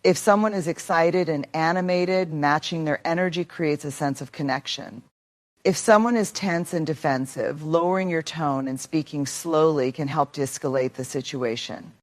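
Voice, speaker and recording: A woman giving a scripted motivational narration, measured and explanatory, stressing key words. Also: deep voice.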